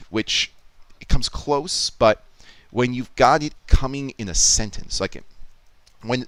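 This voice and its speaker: Deep-voiced man rambling through a live edit. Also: fairly bright tone, no echo. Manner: rambling, explanatory, thinking aloud with restarts. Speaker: YouTube Poop editor streaming. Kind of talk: casual live-stream commentary, teaching.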